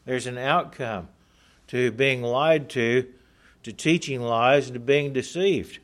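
In a mid-range voice, a man delivers a sermon, reading from scripture and unpacking it with earnest emphasis, slowing his pace whenever a key point needs weight.

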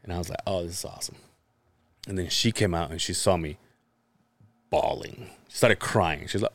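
Male podcast host, low and dry, rambling casual storyteller with lots of fillers. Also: moderate pace, long pauses, no room sound. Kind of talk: casual chat.

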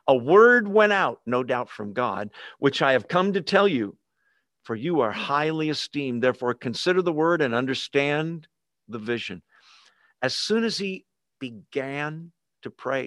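A man's voice: on the high side, animated, moderate pace, fairly bright tone, no room sound, clean studio sound. A pastor preaching a conversational sermon to a live and online congregation, often asking his listeners questions.

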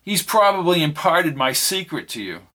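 A man's voice: on the high side, sing-song, moderate pace, pushed and bright, voice pushed up, exaggerated voice. A man voicing a cold, smug villain who taunts his captive in an audiobook reading. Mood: taunting. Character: cold menacing man who manipulates realities.

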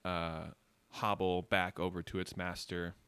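Deep-voiced male game master, slow and vivid, clear tone. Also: little pitch movement, a bit bright, no room sound. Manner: unhurried, vivid scene-setting with many fillers. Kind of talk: narrating a tabletop game.

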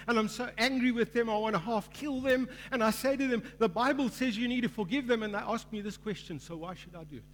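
A male pastor delivers a sermon in a hall with a long, ringing reverb. His voice sits high, and he builds in fervor, acting out the voices in a parable. A faint mains hum runs underneath. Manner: preaching with rising fervor, acts out quoted voices in a parable.

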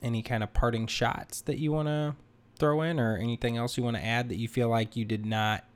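A man hosting a casual interview from his home dining room, speaking in a relaxed way with frequent hesitant fillers. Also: mid-range voice, brisk, smooth. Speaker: podcast host.

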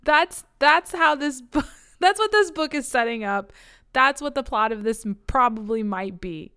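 A woman co-hosting a book podcast in casual chat, sarcastic and quick to laugh as she retells the plot. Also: high-pitched, animated, pushed and bright, smooth. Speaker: podcast co-host.

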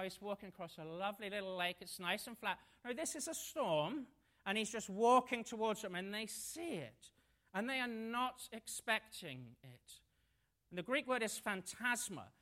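A preacher giving a sermon, retelling the scene as a lively story and slipping in light jokes. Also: mid-range voice.

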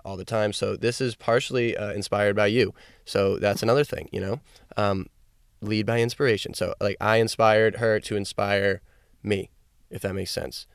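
A man's voice: fairly low pitch, clear, resonant tone, dry recording, clean studio sound. A young man hosting a solo podcast from his parked car, talking loosely into a microphone and swearing freely. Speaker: podcast host. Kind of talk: casual solo podcast rambling.

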